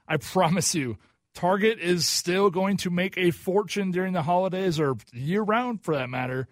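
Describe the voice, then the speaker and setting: A man's voice: high voice, moderate pace, dry recording. A man co-hosting a talk radio show, chatting in an easygoing, agreeable way in a studio. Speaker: radio co-host. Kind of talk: casual talk radio chat.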